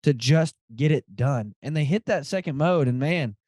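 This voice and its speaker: A man hosting a podcast, telling a story in a casual, animated way and acting out the dialogue. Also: a little high, normal speed, no room sound, clean studio sound. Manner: animated, quotes friends in dialogue, says dude a lot. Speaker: podcast host.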